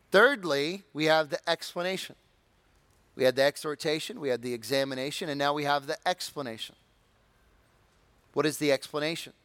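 A man preaches in a lively, conversational way, breaking into jokes and high shouted impressions of eager listeners. His voice sits a bit high for a man. The sound is dry and close, with no room echo. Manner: animated, acts out excited congregants in high shouts; conversational, humorous asides. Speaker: pastor. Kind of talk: sermon.

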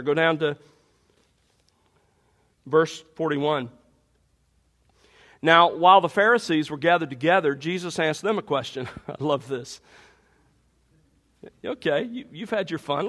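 A man's voice: a little high, a bit bright. A man preaching an expository sermon, reading scripture aloud and pressing the congregation with rhetorical questions. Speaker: pastor.

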